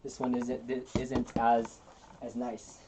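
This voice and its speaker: A man hosting a casual live-stream unboxing, talking in a relaxed, rambling way with plenty of fillers and restarts. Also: mid-range voice, takes it slowly, noisy background. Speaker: channel host.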